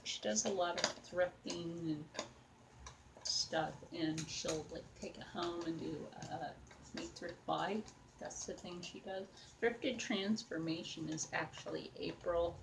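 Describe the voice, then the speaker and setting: A woman's voice: lowish voice, steady tone, unhurried, vocal fry, background noise. A young woman chatting casually as she works on a craft project, rambling and talking to her viewers and to a doll. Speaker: craft vlogger.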